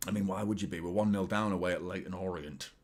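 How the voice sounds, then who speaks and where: A man hosting a football watchalong, chatting casually and reacting live to the game, jumping between excited outbursts and low muttered asides. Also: quick pace. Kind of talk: live match commentary and chat.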